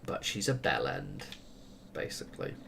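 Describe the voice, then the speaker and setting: A man chats casually at normal speed while streaming a game, rambling through opinionated tangents and laughing often, with background noise present.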